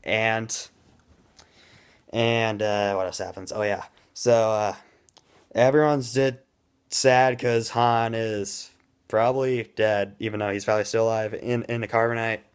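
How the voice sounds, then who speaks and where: Rambling, excitable man reviewing a movie. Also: fairly low pitch, smooth. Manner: excitable and rambling, admits he talks fast.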